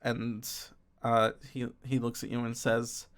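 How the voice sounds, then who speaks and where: A man's voice: mid-range voice, monotone, slow pace, hardly any pauses, clean tone. A man narrating as game master, describing scenes loosely with many fillers.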